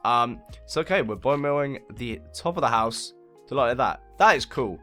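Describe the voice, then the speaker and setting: A man's voice: mid-range voice, expressive, normal speed, a bit bright, faint music behind. Chatty man narrating a build tutorial. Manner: chatty, rambling, lots of fillers; laid-back, self-mocking. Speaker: game building channel host. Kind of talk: casual gameplay building tutorial.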